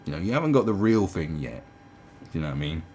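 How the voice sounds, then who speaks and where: This low-voiced man talks fast and very animatedly, with a slightly mellow tone, as he tears into politicians. A commentary channel host in his twenties or thirties, he keeps it casual, sarcastic, and profane from his home, dropping into mocking impressions. Light background noise is present.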